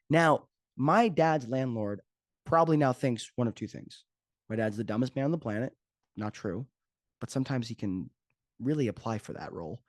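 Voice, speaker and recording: A man's voice: mid-range voice, animated, moderate pace, no echo, studio quality. A man hosting his own podcast as a fitness coach, talking casually and joking off the cuff. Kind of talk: casual solo podcast talk.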